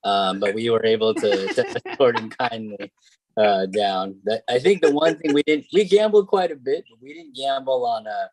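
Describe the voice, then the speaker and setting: A man's voice: mid-range voice, lively intonation, moderate pace, a little mellow, a little hiss or hum, poor audio. A man co-hosting a podcast in casual chat, recounting a story hesitantly, with many fillers and acted-out quotes. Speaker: podcast co-host.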